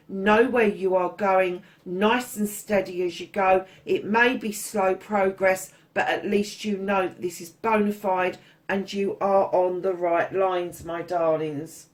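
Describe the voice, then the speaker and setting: A woman doing a casual tarot reading, chatty and blunt, swearing freely and calling her listeners darlings. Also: mid-range voice. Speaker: tarot reader.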